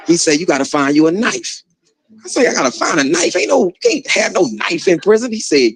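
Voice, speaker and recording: A man casually telling a story about his time in prison, slangy and animated, acting out the other people's voices and laughing along. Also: on the high side, brisk, low-quality recording.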